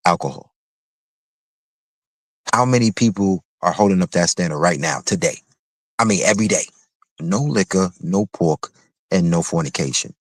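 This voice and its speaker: A man with a low-pitched voice delivers a heated commentary rant on his own livestream. He speaks in a confrontational, mocking way, repeating his phrases. The sound is dry and close, with no room around it. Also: dry recording. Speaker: livestream host.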